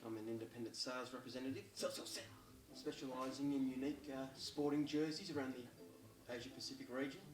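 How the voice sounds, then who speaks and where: A man's voice: medium pitch, fairly even intonation, fast talker, crowd noise, natural voice. A man playing Glendon, a brash Aussie salesman. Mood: boastful. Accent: Australian. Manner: cocky, relentless sales patter. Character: brash pushy male travelling jersey salesman. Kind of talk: comedic ad mockumentary. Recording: roomy, distant-mic video audio.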